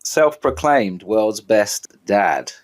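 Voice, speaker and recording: Playful man with a lively, lowish voice. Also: drawn-out words. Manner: playful, jokey, animated. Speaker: podcast co-host. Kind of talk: casual chat.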